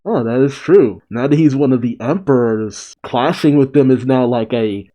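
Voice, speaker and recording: A man's voice: mid-range voice, lively intonation, normal speed, hardly any pauses, mellow, rough recording. A man hosting a manga reaction, reading a comic chapter aloud with wry, musing asides.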